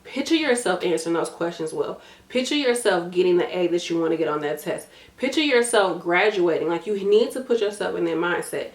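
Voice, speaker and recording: A tired woman coaches viewers on studying in her casual nursing vlog, direct and matter-of-fact, using "y'all" and "gonna" and repeating points for emphasis. Her fairly low voice is animated and a little fast with hardly any pauses, and the sound is reverberant.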